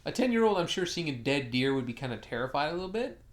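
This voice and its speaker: A man's voice: a little high, very animated, fast. A man co-hosting a podcast, reacting bluntly and chattily to a film. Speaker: podcast co-host. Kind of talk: casual film discussion.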